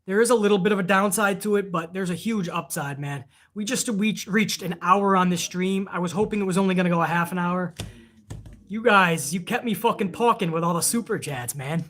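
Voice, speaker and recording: A man hosts a live wrestling stream in a loose, rambling way, swearing freely as he reads out viewer donations. His voice sits high and has a bright, sharp edge to it. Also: moderate pace. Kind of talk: casual live-stream chat.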